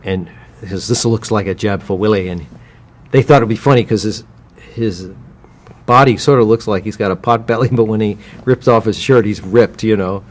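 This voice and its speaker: An American voice actor, interviewed casually as a guest, speaks in a fairly low voice at normal speed. He rambles, restarts often, and now and then slips into character voices.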